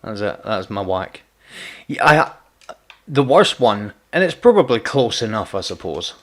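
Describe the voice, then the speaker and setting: A man's voice: on the low side, sing-song, unhurried, fairly bright tone. A man chatting casually while streaming a game, teasing viewers and stumbling over repeated words. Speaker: gaming streamer. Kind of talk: casual live gameplay chat.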